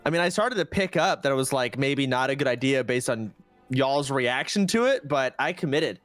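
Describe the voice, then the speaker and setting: A man's voice: medium pitch, lively intonation, normal speed, fairly bright tone, dry recording, faint music behind. Flustered, stammering male player. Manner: flustered, stammering, laughing often. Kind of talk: casual chat while playing a tabletop game.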